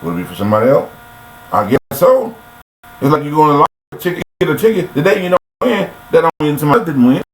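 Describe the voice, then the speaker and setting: A man's voice: on the high side, big pitch swings, quick pace. Man preaching life advice in an echoey room. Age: adult. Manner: repetitive, preachy, full of rhetorical questions. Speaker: motivational speaker. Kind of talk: casual motivational monologue. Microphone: computer webcam mic. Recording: echoey room with faint mains hum.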